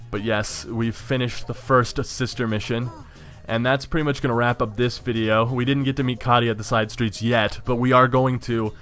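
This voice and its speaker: A man giving casual gameplay commentary, excitable, swearing and stumbling over his words, with faint game music behind. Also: medium pitch. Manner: excitable, swears, stammers and restarts. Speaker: let's play commentator.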